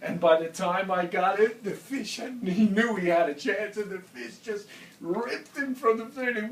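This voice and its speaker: A man telling a casual story, laughing often and acting out the shouted lines of the people in it. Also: high-pitched, normal speed, slight background noise. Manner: animated, laughing, acts out shouted quotes. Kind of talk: casual anecdote. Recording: roomy, from far off, faint ambience.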